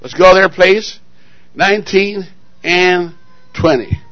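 A married man preaching a sermon, firing call-and-response questions at the congregation and swinging between loud exclamations and quiet asides. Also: high voice, slow pace, no echo, dull audio. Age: adult, married.

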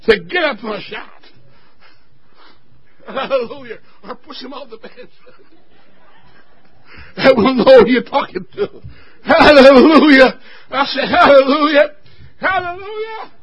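A male pastor preaching a sermon. He cries out and shouts at his climaxes and whoops, then drops to quiet joking asides. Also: extremely high pitch, slow pace, long pauses, slightly rough, muffled recording.

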